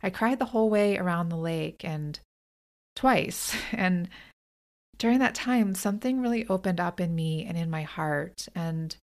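A woman hosting her own podcast, talking in an earnest, reflective way and often restarting her sentences. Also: on the low side. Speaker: podcast host and author. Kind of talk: personal reflective monologue.

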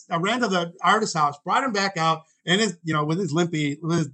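A man in his sixties with a high, bright voice spins a rambling personal story as a guest. He stops often to correct himself. He acts out the people he quotes. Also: brisk, poor audio. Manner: rambling, self-correcting anecdotes. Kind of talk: storytelling in conversation.

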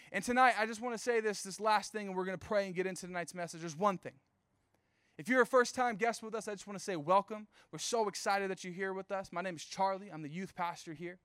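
A man's voice: high voice, fairly bright tone, smooth, no echo, studio quality. A young man preaching as a youth pastor, casual and storytelling, with playful asides. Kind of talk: youth sermon.

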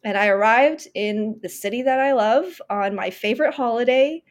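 A woman's voice: fairly high pitch, moderate pace. A woman of about thirty, a podcast guest telling a personal story earnestly and with emphasis, often restarting and acting out her inner dialogue. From Northern California. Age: 30s.

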